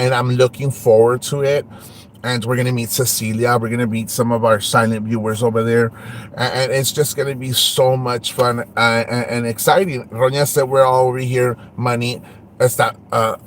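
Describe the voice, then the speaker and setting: A man's voice: mid-range voice, slight background noise. A man hosting an online show, ranting and taunting a rival, switching between English and Spanish. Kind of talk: ranting livestream talk.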